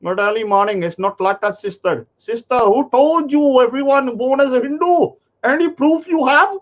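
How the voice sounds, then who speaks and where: A preachy male commenter scolds with insistent, repeated questions, as a man puts him on. The voice sits high above the speaker's normal register. The recording sounds dull and lo-fi. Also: normal speed.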